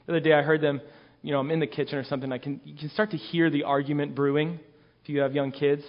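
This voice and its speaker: A man in his thirties delivers a sermon in a somewhat high voice, earnest and emphatic. He leans on repetition and restarts to drive home each point. The recording is dull and lo-fi, with the top end rolled off. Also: level tone, fast. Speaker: guest preacher.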